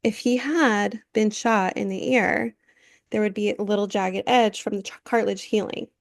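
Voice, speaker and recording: A woman in her thirties co-hosting a podcast, blunt and sarcastic in casual chat. Her mid-pitched voice is recorded dry and close on a podcast mic. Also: normal speed, gravelly, no echo. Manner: sarcastic, blunt, animated storytelling. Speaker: podcast co-host.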